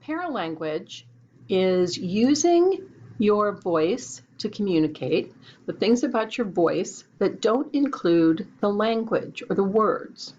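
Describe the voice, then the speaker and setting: A woman's voice: medium pitch, lively intonation, slow pace, darkish tone, a little hiss or hum. A woman teacher giving a recorded lecture in an explanatory, conversational way. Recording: dull lo-fi recording.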